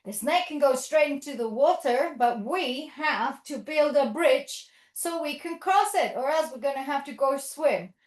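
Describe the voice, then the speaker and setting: High-voiced, encouraging woman yoga teacher. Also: expressive, unhurried, few pauses. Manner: encouraging, praising, playful storytelling. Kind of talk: guided toddler yoga class. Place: yoga studio. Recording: echoey room.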